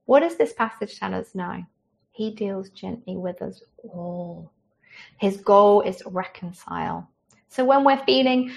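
A woman preaching a sermon with a gravelly rasp in her voice. She speaks in a mid-range pitch, earnest and conversational, and gentle in manner. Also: lively intonation, unhurried.

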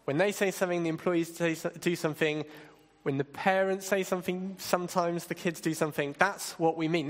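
A man leading an interactive Bible talk, playful and directing volunteers with quick asides. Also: a little high, long reverb tail. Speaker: church leader giving a talk.

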